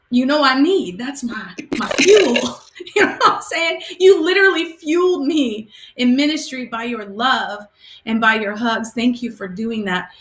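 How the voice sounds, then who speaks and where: High-voiced emotional youth minister woman. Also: fairly bright tone, echoey room. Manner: emotional, affectionate, tearful at times. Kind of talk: heartfelt blessing speech.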